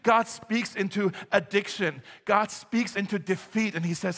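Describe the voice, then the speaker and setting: A man's voice: high-pitched, measured pace, fairly bright tone, big-room sound. A man preaching a sermon as a pastor, earnest and emphatic with casual fillers. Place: church hall.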